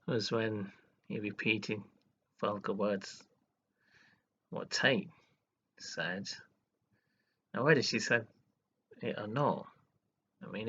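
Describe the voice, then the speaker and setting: A man's voice: lowish voice, fairly bright tone, dull audio. A man, a teacher, talking emotionally to his webcam about a student who upset him, rambling and saying "you know" often, close to tears. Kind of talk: emotional personal vlog. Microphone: webcam mic.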